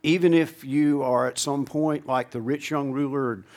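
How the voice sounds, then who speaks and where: A man preaching a sermon, calling out to the congregation and swinging from loud declarations to hushed, slow lines. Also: mid-range voice, fairly even intonation. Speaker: pastor.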